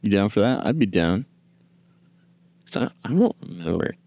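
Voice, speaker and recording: Speaking at normal speed in a lowish, warm, sing-song voice, a man hosts a casual solo podcast. There's no echo, and he rambles dryly while chatting to his pet.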